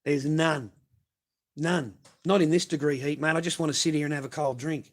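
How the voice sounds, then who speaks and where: Reading messages from viewers on his casual livestream, a middle-aged Australian man gives blunt, profane, meandering answers. He speaks at a moderate pace in a slightly high voice with a steady tone.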